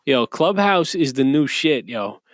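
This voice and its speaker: A man co-hosting a podcast, telling crude stories in profane, animated banter. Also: medium pitch, unhurried, no echo, clean studio sound. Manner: profane, animated storyteller who acts out quotes. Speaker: podcast co-host.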